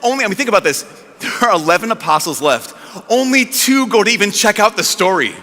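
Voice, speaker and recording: A priest giving a lively, animated sermon, telling the story with acted-out voices of the disciples. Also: male voice, sits high, fast talker, big-room sound.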